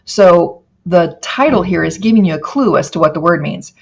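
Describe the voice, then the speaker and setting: A middle-aged woman teacher giving a recorded phonics lecture, slowly stretching out example words. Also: fairly low pitch, lively intonation, slightly rough, dull audio.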